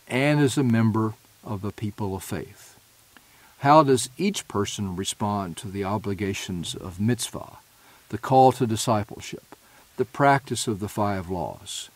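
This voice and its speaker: A man delivering a prepared lecture in an earnest, measured way, now and then correcting himself mid-phrase. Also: on the low side, darkish tone, slightly rough, no echo. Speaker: presenter.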